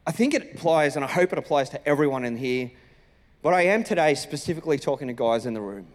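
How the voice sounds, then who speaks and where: A man, a senior pastor telling a personal story in a sermon with lively, animated delivery. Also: fairly high pitch, fast talker. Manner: animated storytelling, acting out his own lines. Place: church auditorium. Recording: reverberant church hall.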